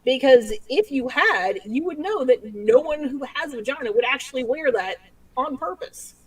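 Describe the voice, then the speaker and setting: Husky, joking woman, heard from far off. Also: sits high, lively intonation, normal speed. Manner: blunt, profane, joking. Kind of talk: casual podcast banter.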